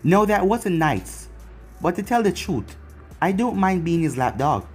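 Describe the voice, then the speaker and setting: A man's voice: sits high, very animated, a little slow, soft background music, voice pushed up, full character voice. Man reading as Neji, a smug young ninja. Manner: smug, dismissive. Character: calm young male ninja, smug shadow agent.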